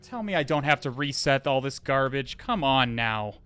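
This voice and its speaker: A man's voice: mid-range voice, expressive, normal speed, a bit bright, clean tone, no echo, soft background music. A man live-streaming a hacking session, talking to viewers in an exasperated way, swearing, sighing and restarting his sentences. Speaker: livestreamer.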